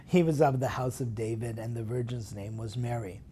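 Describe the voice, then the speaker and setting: A man preaching a sermon as a priest, putting strong stresses on key words, dropping into hushed whispered asides and asking his listeners questions. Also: medium pitch, normal speed, slightly rough. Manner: emphatic, swinging between loud stresses and hushed whispered asides; talks straight to listeners with rhetorical questions. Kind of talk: sermon meditation broadcast.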